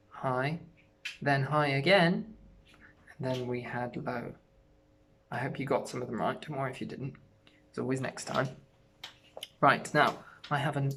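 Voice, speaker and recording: Gentle encouraging music teacher with vocal fry. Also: mid-range voice, slight background noise. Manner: gentle, encouraging, speaks slowly and clearly to children. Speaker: primary school music teacher. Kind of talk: online music lesson for young children.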